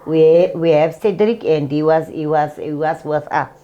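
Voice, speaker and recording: A woman in her sixties, a guest in a casual interview over a video call, speaking haltingly with many hesitations. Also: sits low, steady tone, dull audio. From South Africa. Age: 60s.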